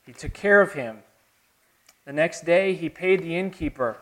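A man from the American South preaching a sermon with a Southern accent, earnest, swinging between soft, quiet passages and emphatic, rising lines. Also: fairly high pitch, a little slow. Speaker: pastor.

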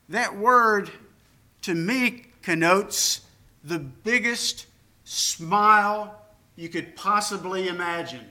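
A man's voice: high voice, slow, sharp tone. An older man preaching a sermon, earnest and emphatic, with personal asides. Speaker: pastor.

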